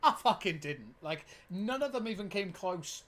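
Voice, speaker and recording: A streamer in their twenties, giving lively gameplay commentary, reading game text aloud and swearing often. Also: mid-range voice, moderate pace. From United Kingdom. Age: 20s.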